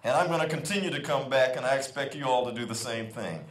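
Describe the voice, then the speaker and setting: A man's voice: medium pitch, fast. A man in his fifties giving a ceremonial keynote speech to students, exhorting and telling stories with emphatic repetition. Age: 50s. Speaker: keynote speaker. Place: school convocation hall. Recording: echoey hall.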